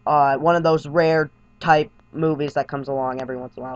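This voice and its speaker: A man reviewing a movie in a vlog, heaping deadpan, over-the-top praise on it and repeating himself. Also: on the high side, fairly quick. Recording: dull lo-fi home recording.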